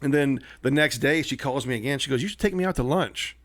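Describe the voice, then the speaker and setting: A man telling a story on a casual podcast. He acts out quotes with animated swings of voice. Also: medium pitch, quick pace, no echo. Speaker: comedian guest.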